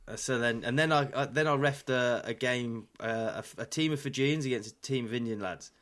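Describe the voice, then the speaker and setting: Male podcast co-host, animated storyteller who acts out quotes and swears casually, mid-pitched voice. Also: a little fast. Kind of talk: casual chat.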